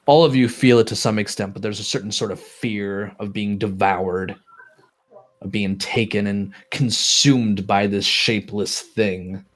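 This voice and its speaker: A man narrating a tabletop game as game master, describing scenes in a halting way with many restarts. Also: lowish voice, steady tone.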